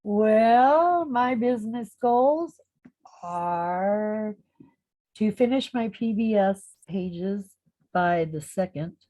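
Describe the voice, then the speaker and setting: A woman's voice: medium pitch, expressive, extremely slow, warm tone, poor audio. A woman on a group video call, giving brief, matter-of-fact answers. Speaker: member of an online business group.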